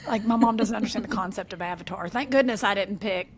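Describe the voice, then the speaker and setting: A woman chats on a podcast at a middling pitch. She tells animated family stories and slips into voices for her mother. A faint low rumble sits under her voice. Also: fast. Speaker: podcast co-host. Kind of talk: casual chat.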